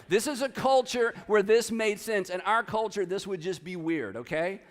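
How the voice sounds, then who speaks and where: A middle-aged male pastor delivers a sermon with a light, high-set voice. He tells the story with animated energy and drops into acted-out quotes. The sound rings with the long tail of a big hall. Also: normal speed. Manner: animated storytelling, acts out quotes with rising pitch. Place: church sanctuary.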